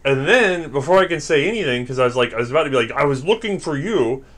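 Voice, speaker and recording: A man from the American South telling stories in casual chat, animated and acting out the quotes, laughing often. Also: medium pitch, fast talker.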